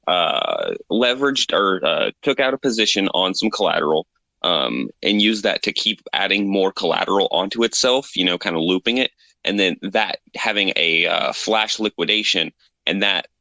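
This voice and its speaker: Audience member with a low, bright voice, asks at length and politely. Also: male voice, lively intonation, moderate pace, vocal fry, no room sound. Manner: rambling, hesitant, polite. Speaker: audience member asking a question. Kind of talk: live audio Q&A.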